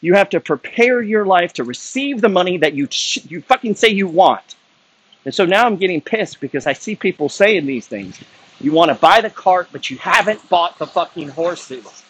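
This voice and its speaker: A man's voice: high-pitched, a bit bright, slightly rough. A middle-aged man ranting bluntly and profanely about building wealth, lecturing his viewers with rising heat. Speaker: wealth-building content creator. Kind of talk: unscripted rant to camera.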